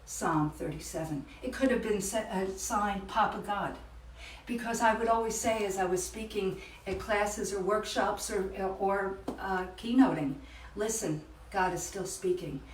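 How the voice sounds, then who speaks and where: A woman's voice: medium pitch, slight background noise. Older woman speaker around seventy, reflective storytelling, echoey room, heard from a distance. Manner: reflective, storytelling, many pauses and fillers. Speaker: author and motivational speaker. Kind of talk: faith-based motivational talk. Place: event room. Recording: echoey room, far from the mic.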